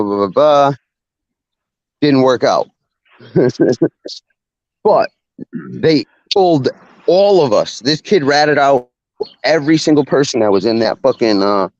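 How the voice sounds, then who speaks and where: A man's voice: medium pitch, dry recording. A young man casually telling a long story, profane and rambling, laughing now and then. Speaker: podcast host. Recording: dull lo-fi sound.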